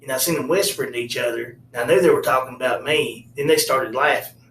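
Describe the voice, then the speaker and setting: A man's voice: medium pitch, quick pace, a bit bright, a little hiss or hum, lightly acted. A man voicing his brash, boastful ex-con uncle, talking cocky and crude, recorded in a roomy space from a distance. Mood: swaggering.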